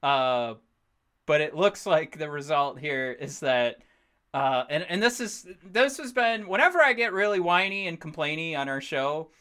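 A man in his thirties co-hosting a podcast in casual chat, excitable and rambling, swearing freely as he talks. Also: a little high, unhurried, clear, resonant tone. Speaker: podcast co-host.

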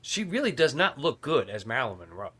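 A man's voice: mid-range voice, big pitch swings, fairly quick, fairly bright tone, breathy edge. A man co-hosting a podcast, trading crude, profane jokes. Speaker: podcast co-host. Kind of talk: casual chat.

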